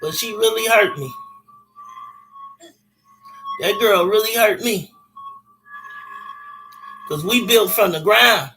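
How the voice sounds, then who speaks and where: Man, casual storyteller, bright and forceful, blunt, profane street slang. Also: high voice, takes it slowly, pauses often, faint music behind.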